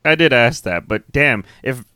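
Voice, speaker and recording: A man's voice: medium pitch, normal speed, clear, resonant tone, no room sound, clean studio sound. A man co-hosting a casual movie review podcast, laughing and swearing as he retells scenes. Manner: laughing, profane, animated storytelling. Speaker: podcast co-host.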